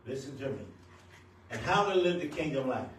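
An older man, married nearly fifty years, preaching a sermon as pastor, at times rising to shouts. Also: mid-range voice, expressive, fairly quick. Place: church sanctuary. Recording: very echoey church hall, distant mic, noisy.

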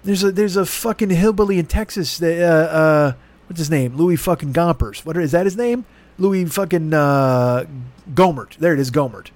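A man's voice: a little high, moderate pace. A man hosting a comedy podcast, delivering an exasperated, profane, rambling rant. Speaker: podcast host. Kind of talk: ranting comedy podcast monologue.

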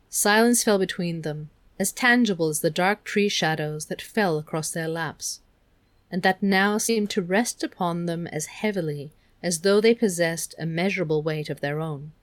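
Woman reading a novel, low and dry. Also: normal speed, no room sound. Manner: relaxed, casual reading with asides. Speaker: audiobook reader.

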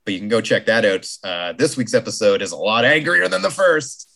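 A podcast host in casual, jokey chat, talking in quick bursts. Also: mid-range voice, lively intonation, creaky, sharp tone.

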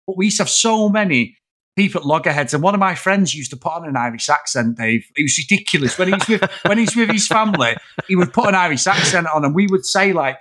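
A man's voice: high-pitched, quick pace. A man, chatting animatedly and swearing on a film podcast. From England. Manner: animated, heavy swearing, loud laughing asides. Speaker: podcast co-host. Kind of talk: casual film podcast chat.

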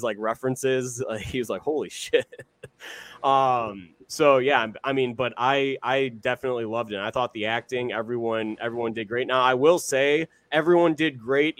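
A man's voice: mid-range voice, no room sound. A young man co-hosting a podcast, talking in a rambling, casual way with many fillers and some swearing. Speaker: podcast co-host. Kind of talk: casual chat.

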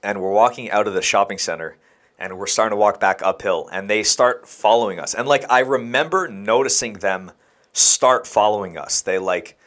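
A man's voice: fairly low pitch, normal speed, fairly bright tone. A young man and podcast co-host telling a rambling story in casual chat, laughing and acting out what people said. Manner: rambling, laughing, acts out quoted lines.

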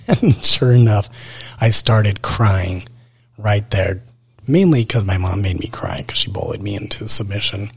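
Rambling self-mocking man, husky voice. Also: fairly low pitch, measured pace. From Utah. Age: 20s. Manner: self-deprecating, rambling with many fillers. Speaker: podcast host. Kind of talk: casual solo podcast talk. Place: indoors at night.

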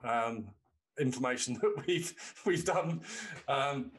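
A man's voice: mid-range voice, lively intonation, slow pace. A man, co-hosting a podcast and telling long, sweary anecdotes in casual chat. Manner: rambling anecdotes, swears freely. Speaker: podcast co-host.

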